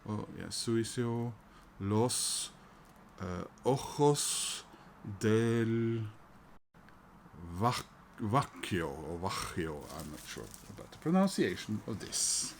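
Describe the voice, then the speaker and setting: Talking slowly in a medium-pitched, sing-song voice with vocal fry, a middle-aged man chats about records he bought. There's a little hiss or hum in the clip. As a record collector vlogger, he's hesitant, full of fillers and restarts, and chuckles along the way.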